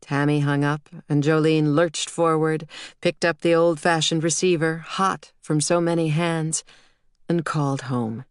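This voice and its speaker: A woman narrating an audiobook in a steady, measured reading. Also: sits low, clean tone, dry recording, clean studio sound. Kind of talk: scripted narration.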